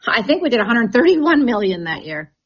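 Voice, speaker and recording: A woman's voice: fairly high pitch, big pitch swings, fairly quick, slightly rough, muffled recording. A woman who leads a real estate team, talking in a chatty, enthusiastic way with many restarts in a radio interview.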